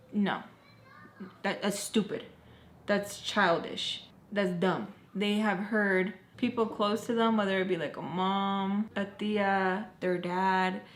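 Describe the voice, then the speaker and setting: A woman's voice: medium pitch, moderate pace. A young woman vlogging a personal story while doing her makeup. She acts out what people said and rants with heat. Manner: animated, acts out quotes, heated ranting. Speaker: beauty vlogger telling a story.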